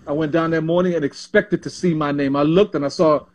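A man in his sixties from Panama, a former basketball player telling stories as an interview guest, animated and often repeating himself. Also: fairly high pitch, a little fast. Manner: animated, repeats and restarts words. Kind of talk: casual interview storytelling.

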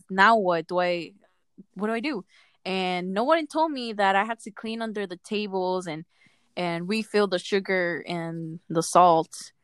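A chatty young woman tells work stories in a slangy, expressive way, drawing out her words for emphasis. Her voice sits mid-range for a woman and sounds close and dry. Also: mid-range voice, clean tone, dry recording. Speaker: co-host telling work stories. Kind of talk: casual chat.

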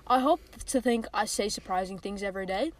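A woman's voice: medium pitch, a little fast, no echo. A young woman co-hosting a casual podcast, rambling and silly in friendly banter. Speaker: podcast co-host. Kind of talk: casual chat between friends.

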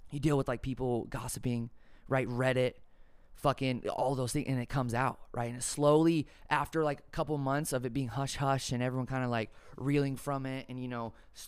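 A man's voice: medium pitch, clear, resonant tone. A man hosting a podcast, telling a long story in a rambling, profane, jokey way. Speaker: podcast host. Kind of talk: casual storytelling monologue.

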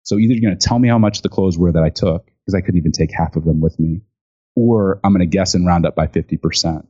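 A low-pitched man tells a story in an interview, animated and chatty. He acts out what other people said, with plenty of fillers and restarts. The recording sounds dull and lo-fi. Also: fast, slightly rough. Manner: animated storyteller acting out quotes with many fillers. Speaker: guest, speaker and author on gifting.

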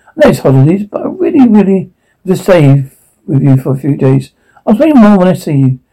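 A man's voice: high voice, very animated, fairly quick, mellow, slightly rough, heavily acted, low-quality recording. A man voicing an anxious teenage girl who keeps questioning and pressing her father. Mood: worried.

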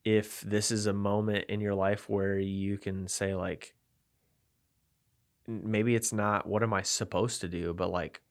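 Male co-host, lower voice, reflective and conversational, thinks out loud. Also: little pitch movement, a little slow. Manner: reflective, thinks aloud with restarts. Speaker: podcast co-host. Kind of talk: casual chat.

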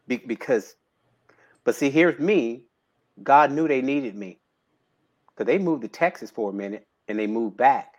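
A man in his late fifties talking casually as a podcast guest. He tells stories with feeling, and his voice climbs high with excitement when he quotes people. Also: unhurried, pauses often, muffled recording. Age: 50s. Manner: animated storyteller, emotional about faith. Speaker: podcast guest, bodybuilder and trainer. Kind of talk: casual conversation.

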